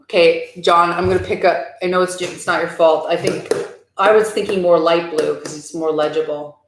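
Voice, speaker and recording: A woman's voice: lowish voice, fairly even intonation, moderate pace, a little hiss or hum. A woman live streaming casually, talking candidly and answering viewer comments from a room at home. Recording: roomy echo.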